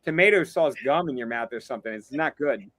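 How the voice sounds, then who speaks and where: Man, comedy guest, bright voice, rambling laid-back talk, dry close recording. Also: mid-range voice, expressive, brisk, no room sound. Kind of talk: casual comedic chat.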